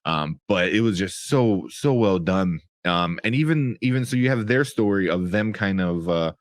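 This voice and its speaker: Rambling man with a low, dry voice. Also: lively intonation, normal speed, no echo. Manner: rambling, many fillers and restarts. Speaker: show reviewer. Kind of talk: casual spoken review.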